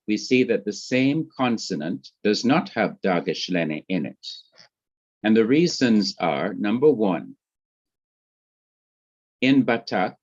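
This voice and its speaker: A man with a Jamaican accent teaching Hebrew grammar in a classroom lecture, speaking slowly and deliberately and repeating his points. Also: fairly low pitch, darkish tone. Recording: muffled lo-fi classroom recording.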